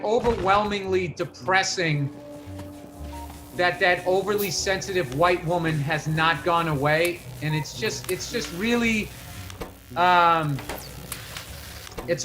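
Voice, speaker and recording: A man telling a long profane story in casual podcast chat, getting fired up as he rants. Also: sits high. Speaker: podcast guest comedian.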